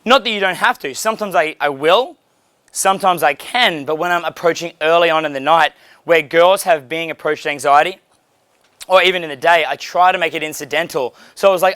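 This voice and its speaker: A man's voice: fairly high pitch, fairly quick, a bit bright, smooth, dry recording. A man giving casual, blunt, profane coaching on approaching women, laughing now and then. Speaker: dating coach.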